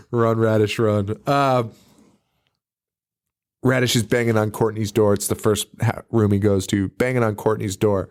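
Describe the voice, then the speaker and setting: A man's voice: lowish voice, flat delivery, unhurried, pauses often, a little mellow, clean tone. A man co-hosting a podcast, casually recapping a horror film with lots of swearing and laughter. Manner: profane, laughing, acts out scenes in silly voices. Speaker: podcast co-host. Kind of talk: casual movie recap chat.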